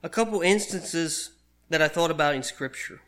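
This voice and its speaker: A man's voice: fairly high pitch, normal speed, a bit bright. A man preaching a sermon in an earnest, conversational way, reading and explaining scripture.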